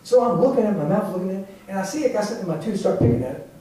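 In a church sanctuary, a man with a high, dark-toned voice preaches a sermon at a racing, animated clip. He tells stories conversationally, laughing and restarting, and the distant mic picks up an echoey hall with faint noise.

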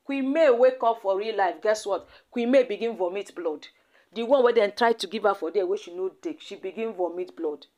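A woman's voice: mid-range voice, normal speed, a little mellow. A Nigerian woman telling a celebrity gossip story in a dramatic, repetitive, exclamatory way. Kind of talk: storytelling commentary in Pidgin.

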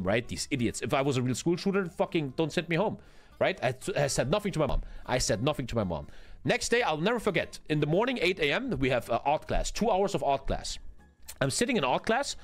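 A man, telling a story in an animated, profane, emphatic way. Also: medium pitch. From Germany. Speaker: streamer host.

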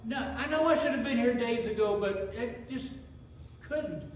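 A man's voice: extremely high pitch, moderate pace, slight background noise, voice pushed up. A man voicing Joseph as a frantic young husband, stammering and pleading as he leads a donkey through a crowd. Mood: hurried, pleading. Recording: echoey hall from far off.

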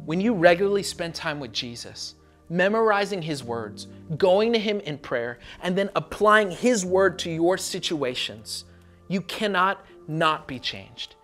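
A woman's voice: lowish voice, lively intonation, unhurried, soft background music. A woman pastor preaching a sermon in an earnest, repetitive cadence.

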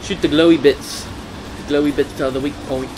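A man's voice: fairly high pitch, fairly even intonation, moderate pace, background noise. A young man casually commentating a video game with a friend, joking and laughing often. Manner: joking, laughs often, trails off mid-sentence. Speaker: gameplay commentator. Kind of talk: casual let's-play banter.

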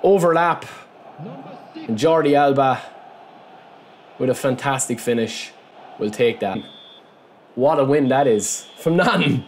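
A man's voice: medium pitch, measured pace, long pauses, a little hiss or hum. A man commentating casually on his own football video game match, chatting to viewers and yelping at big moments. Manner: excitable, yelps and shouts at goals, chatty asides to viewers. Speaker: gameplay commentator. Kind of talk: casual let's-play commentary.

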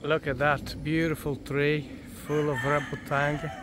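A man with a slightly high voice gives a cheerful walking tour of his farm, keeping his talk going with a questioning "eh?". He is recorded outdoors, with rooster crows and bird calls clearly heard around him. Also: little pitch movement, measured pace. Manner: enthusiastic, tags sentences with "eh?". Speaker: vlogger showing his farm. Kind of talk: casual vlog tour. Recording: outdoor farm noise behind. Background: chickens, roosters and birds.

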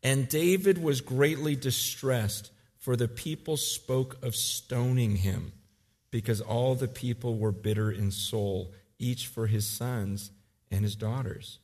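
A man in his forties preaching a sermon, acting out emotional scenes, then turning quiet and earnest. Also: medium pitch, takes it slowly, big-room sound. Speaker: pastor.

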